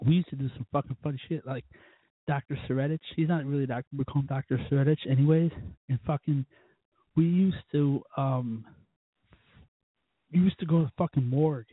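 Guy rambling drunk on his show, swears a ton, husky voice, tinny phone-ish dry sound. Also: medium pitch, steady tone, a little fast, pauses often, dry recording. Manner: profane, rambling, loud bursts. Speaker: podcast host. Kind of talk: casual drunken storytelling.

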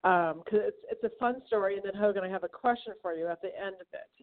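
A woman's voice: mid-range voice, fast. A woman hosting a casual radio interview, telling a story with lots of energy, giggling and acting out the voices. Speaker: chamber of commerce host. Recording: tinny phone-like radio audio.

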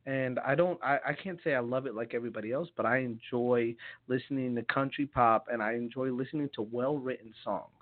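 A man's voice: medium pitch, a little fast. Young male guest from New Jersey, rambling storyteller, tinny lo-fi audio. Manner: rambling, laughing storyteller with many restarts. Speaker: songwriter guest. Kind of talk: casual chat. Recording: tinny phone-like sound.

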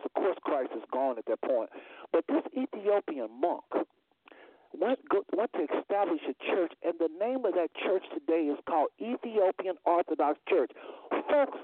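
Host type, male, fairly high voice, fast-talking storyteller, tinny phone line, dry. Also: very animated, no room sound. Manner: fast storytelling, acts out dialogue in a raised voice. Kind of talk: hosting a phone-in discussion.

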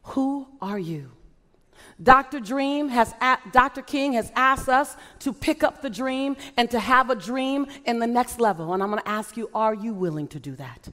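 A woman's voice: a little high, normal speed, a bit bright. Impassioned woman speaker in a big hall. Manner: impassioned, repeated rhetorical questions. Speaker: motivational speaker. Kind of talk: inspirational speech to a live audience. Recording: long reverb of a large hall.

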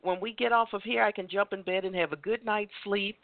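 A woman's voice: mid-range voice, steady tone, fairly quick, no room sound. A woman hosting a casual chat, encouraging and motivational, often repeating words as she goes. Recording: dry tinny phone line.

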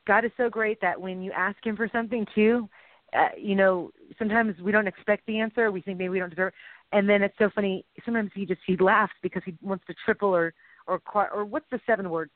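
Co-hosting a faith-based chat show, this middle-aged woman rambles emotionally and adds playful sound effects. Her mid-range voice is steady in tone and brisk, in a dry, tinny, phone-like recording.

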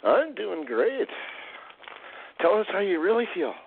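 A man's voice: high-pitched, big pitch swings, measured pace, vocal fry, a little hiss or hum. A man calling in to a football podcast, chatting casually with a dry, teasing tone. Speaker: caller. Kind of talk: casual sports chat. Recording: tinny phone line.

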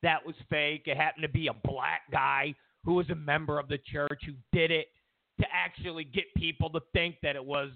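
A man's voice: a little high, steady tone, normal speed, creaky, no echo. A man hosting a political talk show, giving sarcastic, opinionated commentary and repeating his points for emphasis. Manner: sarcastic, mocks media with exaggerated quotes. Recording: tinny phone-like, dry sound.

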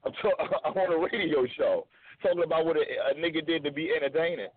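A man's voice: fairly high pitch, fairly quick, slight background noise. A man guesting on a radio show, telling his side in a blunt, emphatic way and repeating points for stress. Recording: phone-like narrow sound.

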